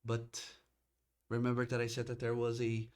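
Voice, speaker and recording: A man running a tabletop game as game master, narrating in a halting way with frequent restarts. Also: mid-range voice, monotone, a little mellow.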